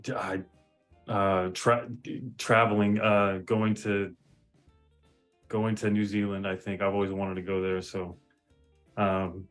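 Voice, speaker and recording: Young Californian man, interview guest over a call, hesitant and halting, light music under the voice. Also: low-pitched, flat delivery. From United States. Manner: hesitant, halting, many ums and restarts. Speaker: guest, model.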